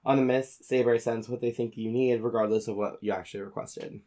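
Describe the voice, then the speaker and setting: A man's voice: medium pitch, steady tone, brisk, dark tone. A man narrating his character's actions in an actual-play tabletop game, casual and descriptive with frequent fillers. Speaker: player.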